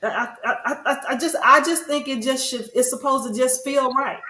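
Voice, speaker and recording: With a roomy echo around her, a podcast host talks in long, rambling, earnest stretches of casual conversation. Her high, sharp voice holds a steady tone at a moderate pace.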